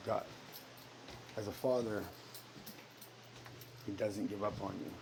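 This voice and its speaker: A man talking about his beliefs in a casual, earnest monologue that turns suddenly loud and high at times. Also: steady tone, slow pace, noisy background. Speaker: parent sharing personal beliefs.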